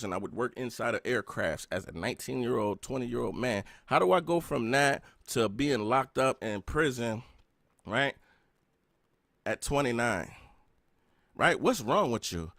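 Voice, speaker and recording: A man's voice: medium pitch, a bit bright, dry recording. Earnest man telling his story, dry sound. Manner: earnest, with frequent "right?" check-ins. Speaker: podcast host. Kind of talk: personal storytelling on a podcast.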